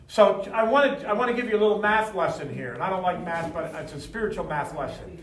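A man's voice: high voice, quick pace. A man preaching a sermon to a congregation, reading verses and leading call-and-response. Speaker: pastor. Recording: echoey hall from far off.

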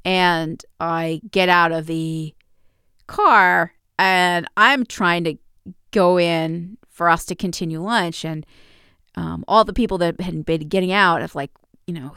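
A woman hosting a podcast, telling personal stories in a calm, wry, self-deprecating way with soft laughs, close on a mic. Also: on the low side, clear, resonant tone, no room sound. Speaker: podcast host. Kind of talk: casual personal storytelling.

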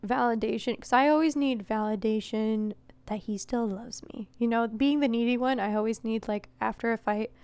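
A young woman with a slightly high voice, talking in a loose, giggly way as she co-hosts a podcast. She pokes fun at herself and laughs easily through casual chat. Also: fairly even intonation, normal speed, darkish tone, clear, resonant tone, dry recording. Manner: chatty and giggly, self-deprecating. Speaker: podcast co-host.

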